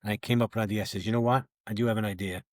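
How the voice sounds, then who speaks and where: A man's voice: lowish voice, fairly even intonation, very fast, no echo, clean studio sound. An older man, a retired federal agent, telling a long story in casual podcast talk and acting out both sides of old conversations. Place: podcast recording setup.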